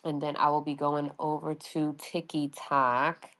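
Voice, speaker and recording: Woman, New York accent, deep low voice, chatty, casual astrology talk. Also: flat delivery, slow pace, fairly bright tone. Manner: chatty, loose, asks "right?" often. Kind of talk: casual spoken reading. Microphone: audio only, no video.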